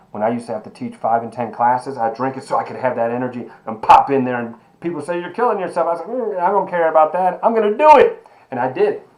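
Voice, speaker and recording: A man teaching an online sociology lecture, animated and emphatic, asking rhetorical questions and calling his students baby. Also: medium pitch, poor audio. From Miami. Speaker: sociology professor.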